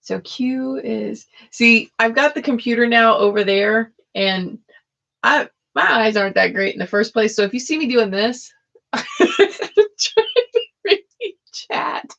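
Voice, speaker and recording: Woman, tarot live-streamer, slow unhurried talk, gravelly edge, chatty with viewers. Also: on the high side, fairly bright tone. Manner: chatty, laughs often, talks straight to viewers in chat. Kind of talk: casual live-stream chat with card readings. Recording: dull lo-fi stream audio.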